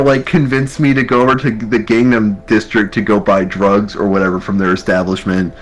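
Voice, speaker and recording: An army veteran recounting a wild night in a rambling, profane, casual way. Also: male voice, on the low side, little pitch movement, a little fast, hardly any pauses, a little hiss or hum, low-quality recording. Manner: rambling, profane, full of fillers. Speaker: army veteran telling his story. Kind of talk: casual storytelling.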